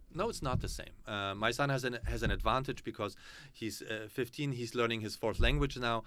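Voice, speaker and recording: A man's voice: mid-range voice, brisk, slight background noise. A man of about fifty from Germany, a native German speaker, telling stories in an easygoing interview and quoting other people, with plenty of fillers and restarts. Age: around 50. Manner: animated storyteller, many fillers and restarts. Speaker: interview guest. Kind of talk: casual conversation.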